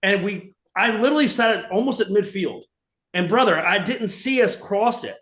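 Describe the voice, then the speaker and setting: A man's voice: high voice, normal speed. A man co-hosting a sports podcast, ranting and cursing in casual chat. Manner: profane, animated ranting. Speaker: podcast co-host. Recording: roomy echo.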